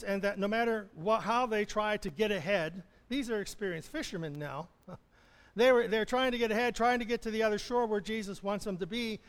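With a clear, resonant, notably high voice, a pastor preaches conversationally, laughing softly and restarting his phrases. His words echo with long reverb through the church sanctuary.

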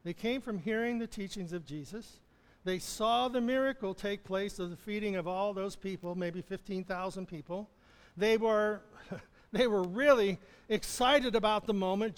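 High-voiced man preaching in a reverberant church. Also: normal speed, clean tone. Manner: conversational, chuckles often, restarts phrases. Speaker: pastor. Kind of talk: sermon.

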